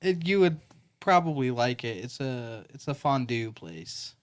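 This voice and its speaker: A man's voice: medium pitch, lively intonation, measured pace. A young man chatting casually on a podcast with his friends. He keeps asking curious questions in an ordinary mid-range voice. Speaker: podcast co-host. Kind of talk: casual chat among friends.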